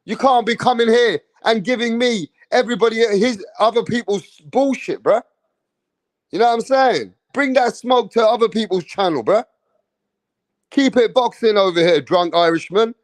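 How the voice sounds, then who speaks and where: This boxing channel host speaks in a high voice at normal speed. He keeps things casual, chiding his viewers in street slang during a laid-back livestream rant.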